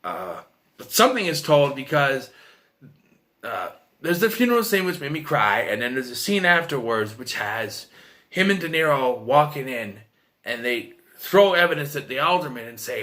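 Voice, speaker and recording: Bright-voiced man rambling through a film review. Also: mid-range voice, sing-song, moderate pace. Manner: rambling, retells scenes with quoted lines, many restarts and fillers. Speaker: movie reviewer. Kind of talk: casual spoken film review.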